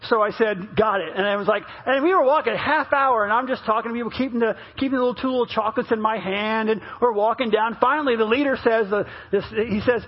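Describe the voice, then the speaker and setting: A male pastor with a very high, husky voice tells a story in his sermon, chatty and full of restarts. The sound is dull and muffled. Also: fast talker, hardly any pauses. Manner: chatty storytelling with many restarts, rising and louder at the punchlines.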